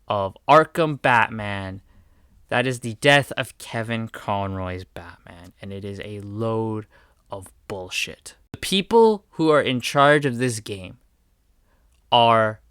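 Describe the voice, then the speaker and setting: A man delivers an impassioned video commentary, hammering his points with repeated words. His voice is bright and crisp, and the sound is close and dry. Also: mid-range voice, dry recording. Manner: heated, emphatic, repeats words for stress.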